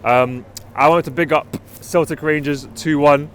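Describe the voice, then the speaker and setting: A man with a London accent co-hosting a casual football chat, relaxed, leading segments and talking to viewers. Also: on the high side, normal speed, slight background noise. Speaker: podcast co-host.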